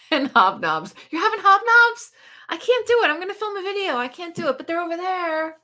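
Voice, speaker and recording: A woman with a bright, forceful voice hosting a relaxed livestream. She chats loosely, laughs a lot and answers viewer comments as they come in. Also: extremely high pitch, normal speed. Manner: chatty, laughs often, reads viewer comments aloud. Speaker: book channel host. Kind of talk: casual livestream chat.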